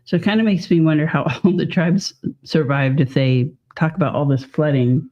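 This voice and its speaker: A man in a casual streamed chat with a rather high voice, rambling along and laughing often. The sound is dull and lo-fi, like a live-stream mic. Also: normal speed. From Northern California. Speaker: podcast co-host.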